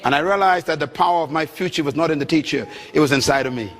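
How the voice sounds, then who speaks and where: A middle-aged man preaching a sermon from the Bahamas, emphatic, swinging between loud and soft passages. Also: fairly high pitch, fast. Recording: long hall reverb.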